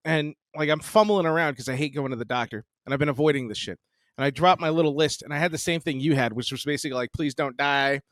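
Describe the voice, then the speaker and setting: A man's voice: on the high side, quick pace, no echo. A man around forty telling a story as a podcast co-host, swearing freely and often breaking into laughter. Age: 40s. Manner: profane, animated, laughs often. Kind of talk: casual storytelling chat.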